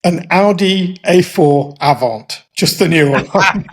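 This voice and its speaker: A man co-hosting a casual podcast chat, laying out details one by one in a deliberate way. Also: high-pitched, a little hiss or hum. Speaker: podcast co-host.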